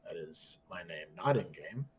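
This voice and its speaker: A man's voice: deep voice, lively intonation, a little slow, slightly rough. A man playing in a tabletop game, talking in a laid-back, joking way. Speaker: player. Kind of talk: casual tabletop game chat.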